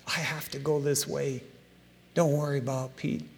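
A preacher voicing Jesus as a forgiving grown man, speaking in a hushed, almost whispered voice in a sermon. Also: mid-range voice, level tone, normal speed, creaky, big-room sound, slight background noise, natural voice. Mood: tender.

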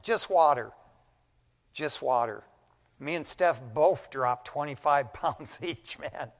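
A middle-aged man preaches in a loose, storytelling way, leaning on "man" as he goes. His voice sits a little high. The sound rings with the long reverb of a big church hall. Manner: folksy, animated storytelling preacher, says "man" often. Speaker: pastor. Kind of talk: conversational sermon. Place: church sanctuary.

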